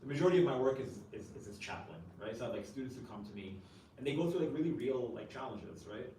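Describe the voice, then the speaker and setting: A male chaplain speaks at a campus event, picked up from some distance in an echoing room. His voice sits at an ordinary middle pitch. He talks conversationally, dotting his answers with "right?" and "you know". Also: sing-song, fast talker, mellow. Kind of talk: answering an audience question at a campus talk. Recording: roomy, distant, faint noise.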